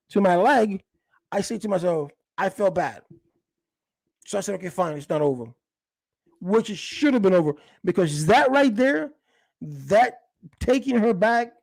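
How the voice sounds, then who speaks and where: A man's voice: high voice, gravelly, a little mellow, no echo. A middle-aged man, telling a personal story in a rambling, casual way with many restarts. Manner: rambling, with frequent restarts and quoted dialogue. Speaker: storyteller recounting a past relationship.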